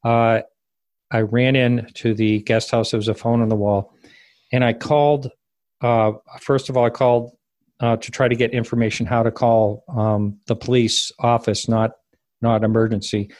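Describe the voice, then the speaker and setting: A man recounting a personal story as an interview guest, rambling and halting and often correcting himself. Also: medium pitch, darkish tone, no room sound. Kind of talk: casual spoken recollection.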